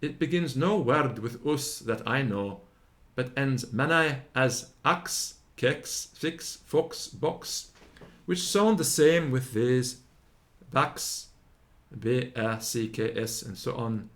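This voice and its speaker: Man reading a grammar lesson aloud, unhurried, sounds out every example word one by one. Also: medium pitch, a bit bright. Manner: slow, deliberate, sounding out each example word.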